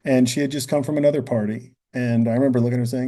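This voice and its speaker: A man's voice: medium pitch, very fast, few pauses, mellow. A man as a podcast guest, talking earnestly and thinking aloud, often adding "you know" and "right?". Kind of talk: reflective podcast conversation.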